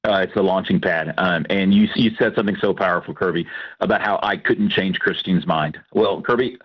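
A man from Texas, a pastor and counselor, telling his personal story in an earnest, animated way as a radio guest. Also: low voice, fairly quick, husky, highs cut off. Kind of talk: personal testimony.

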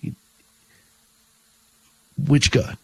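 A man's voice: extremely slow, fairly bright tone. A man hosting a Christian talk radio show, telling stories and preaching in an earnest way, often restarting his words.

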